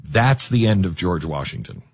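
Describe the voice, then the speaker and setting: A middle-aged man hosting a talk show, telling a story in a monologue with animated, jokey asides. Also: low voice, normal speed, slightly rough. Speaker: radio talk show host.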